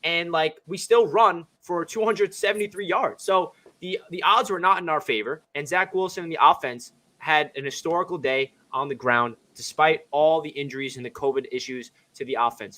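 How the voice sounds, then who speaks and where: A man hosting a casual sports chat, excitable and quick-talking. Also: a little high. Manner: excitable, talks fast. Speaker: podcast host.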